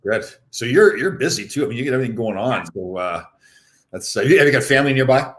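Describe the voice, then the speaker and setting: A man's voice: mid-range voice, lively intonation, quick pace, fairly bright tone. A man in his fifties hosting a casual interview, rambling with lots of fillers and restarts. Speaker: podcast host.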